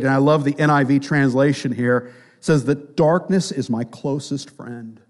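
A man preaching a sermon, swinging between quiet, near-whispered lines and loud, emphatic passages. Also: mid-range voice, measured pace.

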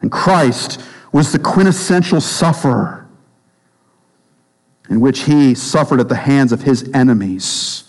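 Preaching man in a reverberant hall. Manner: emphatic, repeats phrases, drops low and slow for stress. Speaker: pastor. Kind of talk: sermon.

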